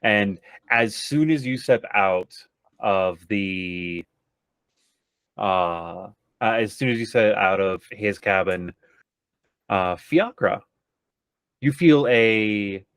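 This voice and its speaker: Slow, low-voiced male game master. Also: fairly bright tone, smooth, no echo. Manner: unhurried, with many fillers. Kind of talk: narrating a tabletop game.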